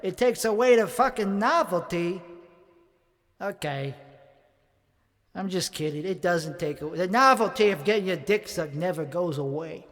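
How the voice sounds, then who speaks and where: A man's voice: high-pitched, expressive, moderate pace, a bit bright. A man from Chicago, rambling and swearing through a mock-angry monologue between karaoke songs, contradicting himself as he goes. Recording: long reverb with faint music behind.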